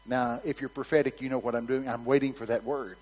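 A man preaching a storytelling sermon, swinging from hushed asides to loud, shouted quotes. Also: mid-range voice, steady tone, quick pace, in a large hall, background noise.

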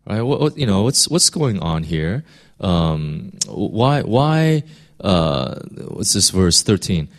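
A man's voice: deep voice, very animated, slow pace. A man preaching a casual, conversational sermon, full of fillers, restarts and rhetorical questions to the listeners. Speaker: pastor.

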